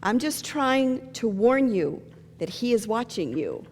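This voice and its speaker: A woman's voice: a little high, sing-song, unhurried, darkish tone, full character voice. A woman voicing a smug talking parrot in a told joke, giving matter-of-fact warnings, with a long church reverb. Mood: deadpan.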